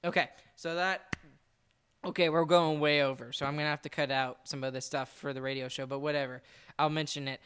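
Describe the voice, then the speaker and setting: A man's voice: a little high, fairly even intonation, brisk, fairly bright tone, slight background noise. A man hosting a laid-back podcast in a casual, rambling way. He sounds exasperated, and his talk is broken up by restarts and laughs. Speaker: podcast host. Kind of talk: casual chat.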